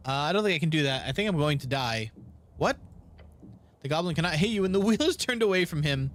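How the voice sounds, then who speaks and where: A man's voice: on the high side, big pitch swings, a little fast. A young man playing a game on video, reading its text aloud and reacting with laughs and groans at failed rolls. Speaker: gaming video creator.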